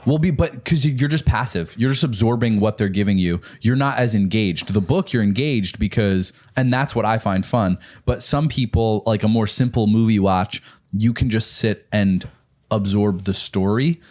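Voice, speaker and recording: Low-voiced, hesitant man musing. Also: normal speed, darkish tone. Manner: thoughtful, hesitant, many ums. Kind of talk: casual chat.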